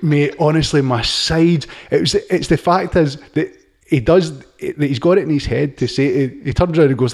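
A man's voice: on the high side, fairly quick, darkish tone. A man hosting a casual sports podcast, chatty, laughing as he retells stories. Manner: chatty, laughs while retelling stories, says mate a lot. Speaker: podcast host. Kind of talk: casual chat.

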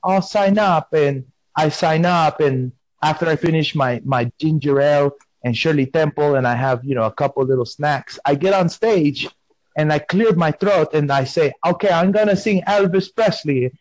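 A man's voice: on the high side, moderate pace, no echo, low-quality recording. A man hosting a podcast in a casual, playful, rambling way, talking with mock seriousness. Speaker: podcast host.

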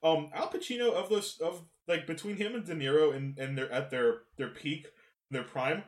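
A man hosting a casual film discussion podcast, animated, swearing, with many fillers and restarts. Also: fairly high pitch, moderate pace. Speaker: podcast host. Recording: roomy echo.

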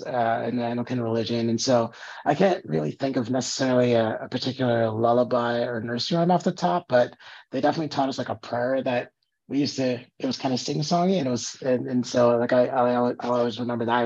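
A man, a guest musician, recalling his upbringing in casual podcast chat with relaxed, thoughtful pauses. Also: medium pitch, muffled recording. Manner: relaxed, thoughtful recollection with fillers.

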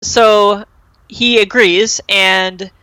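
A young woman chats her way through an episode recap, full of "um" and "like" and quick acted quotes. Her voice is bright and forward, recorded dry and close with no room sound. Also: mid-range voice, fairly even intonation, clear, resonant tone, dry recording, rough recording. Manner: chatty retelling with many fillers and acted-out quotes. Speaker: podcast host recapping a TV episode. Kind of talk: casual chat.

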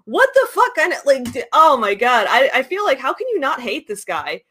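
Indignant bright-voiced woman reacting. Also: high voice, big pitch swings, moderate pace, slightly rough. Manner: indignant, blunt, swearing, laughing. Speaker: reaction video host. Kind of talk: commentary on a clip.

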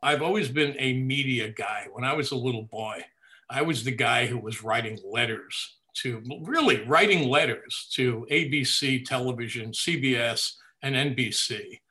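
An older man in an interview, recounting family memories in a lively storytelling way and laughing at his own anecdotes. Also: medium pitch, moderate pace. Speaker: interview guest. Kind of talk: reminiscing in a conversational interview.

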